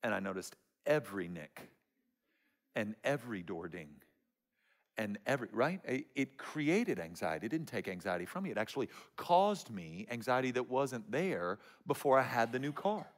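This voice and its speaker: A man's voice: medium pitch, very animated, moderate pace. A man preaching a sermon as pastor, telling stories to the congregation with playful humor.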